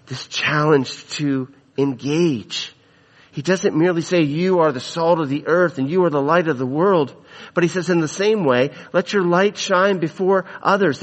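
A man preaching a sermon, emphatic, repeating phrases for stress. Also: on the high side. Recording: long hall reverb.

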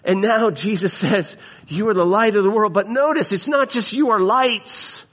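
A man's voice: high-pitched, animated, normal speed. A man preaching a sermon, emphatic, repeating phrases for stress. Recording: long hall reverb.

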